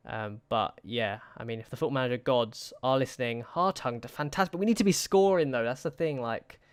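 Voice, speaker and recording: A man's voice: mid-range voice, a little fast, smooth, dry recording, studio quality. A young man giving casual, anxious commentary over a football management game, pleading with his players and muttering to himself. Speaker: gaming YouTuber.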